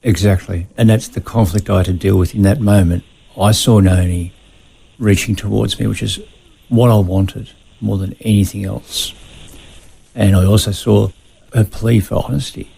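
A man speaking as a radio interview guest, measured and confessional about his past. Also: lowish voice, steady tone, vocal fry, mellow, slightly rough, low-quality recording. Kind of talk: personal testimony in a radio interview.

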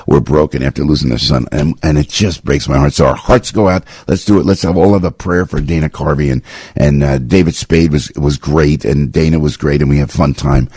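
An older man hosting a morning talk radio show, telling rambling, emphatic stories that climb high when he gets worked up, on a close studio mic. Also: brisk, a little mellow, slightly rough, no room sound. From New Jersey.

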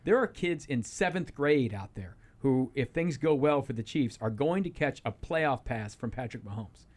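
A man's voice: medium pitch, animated, normal speed. A man talking sports on a radio show in a studio, rambling and emphatic, often restarting his sentences. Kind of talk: casual sports talk.

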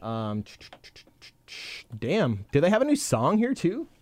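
A man's voice: a little high, wildly swooping pitch, slow pace, darkish tone, a little hiss or hum. A man co-hosting a heavy metal radio show, chatting about band news with self-mocking banter. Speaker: radio co-host. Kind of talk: casual chat.

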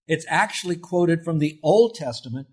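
Middle-aged male pastor, husky, earnest conversational sermon delivery. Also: a little high, expressive, moderate pace. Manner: earnest, conversational preaching with rising emphasis.

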